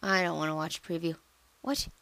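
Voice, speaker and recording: A woman giving casual let's-play commentary on a computer game, chatty and excitable, jumping into squealy high bursts. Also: brisk, gravelly, no room sound. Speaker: gameplay commentator.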